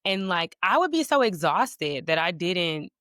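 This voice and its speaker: A woman's voice: on the low side, sing-song, unhurried, a bit bright, no echo. Chatty woman host, dry close mic. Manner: affirming, chatty. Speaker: podcast host. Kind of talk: casual conversation.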